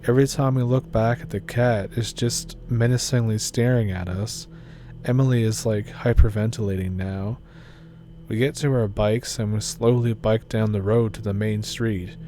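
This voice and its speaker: Low, dark-voiced man narrating a story. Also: normal speed, soft background music. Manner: steady, low-key storytelling. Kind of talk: scripted narration reading a story aloud.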